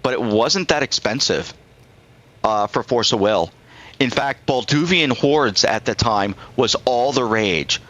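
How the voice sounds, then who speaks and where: Poor audio captures a middle-aged man telling a wandering anecdote on a live stream and playing both parties in the conversation. His mid-range voice is expressive and a bit bright, and he keeps a measured pace.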